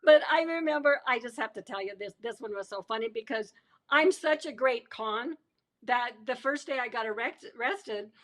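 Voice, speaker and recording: A middle-aged woman, an author guest on a podcast, telling her life story with lively quoted voices and frequent laughter. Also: fairly high pitch, moderate pace. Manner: animated storyteller who acts out quoted voices and laughs often.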